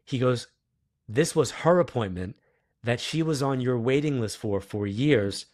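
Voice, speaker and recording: Man, middle-aged, podcast guest, animated storyteller, mid-pitched voice, dry close mic. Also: a little slow, dry recording. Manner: animated storyteller, acts out quoted dialogue. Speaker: guest psychic medium. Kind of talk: casual storytelling interview.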